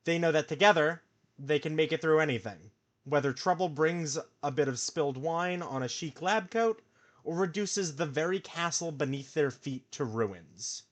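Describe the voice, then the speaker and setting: A man's voice: a little high, animated, moderate pace. A man on a livestream reading a comic aloud to friends in a playful, dramatic storybook narration.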